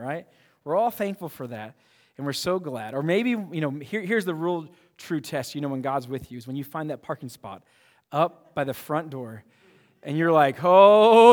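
Pastor guy preaching, kinda high voice, goes quiet in prayer then gets loud and hyped, lots of restarts, big echoey church hall. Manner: animated, swings from hushed prayer to loud excited asides; repeats words and restarts often. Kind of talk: sermon. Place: church auditorium.

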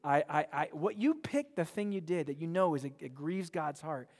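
A man's voice: a little high, expressive, normal speed, a little mellow. A man pastor preaching a sermon in a church, earnest and emphatic, often repeating words as he presses a point. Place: church sanctuary. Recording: long reverb of a large hall.

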